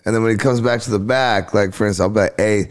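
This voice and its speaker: A man's voice: fairly low pitch, fast. A man, a stand-up comedian, chatting casually on a podcast and animatedly acting out his exchanges with crowds. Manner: animated storytelling, acts out crowd exchanges, laughs often.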